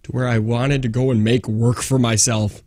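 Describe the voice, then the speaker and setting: A man's voice: medium pitch, flat delivery, moderate pace, a little mellow, dry recording. A man co-hosting a radio talk show, joking wryly and riffing on his partner's stories from a studio mic. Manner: wry joking, riffs on the other host's stories. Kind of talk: morning radio banter. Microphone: studio microphone.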